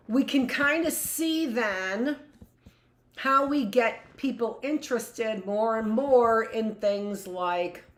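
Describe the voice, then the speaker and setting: A woman's voice: fairly high pitch, roomy sound. A woman teacher giving a live online history lesson, chatty and jokey, asking questions and answering for imagined students.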